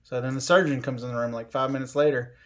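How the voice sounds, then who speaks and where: A man tells a personal story casually, in an unhurried way. He drifts through fillers and restarts and quotes the people around him. His voice sits at an ordinary middle pitch. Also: fairly even intonation. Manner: unhurried, lots of fillers and restarts, quoting others. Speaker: covid survivor telling his story.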